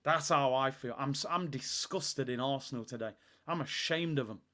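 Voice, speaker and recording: A man's voice: medium pitch, normal speed, a bit bright. A man, hosting a live football watch-along and ranting in exasperation and sarcasm.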